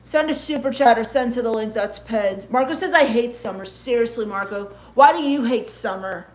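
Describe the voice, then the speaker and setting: A woman with a high voice reads chat messages on a comedy livestream. She answers them with sarcastic, gloomy, mock-goth rants. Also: normal speed.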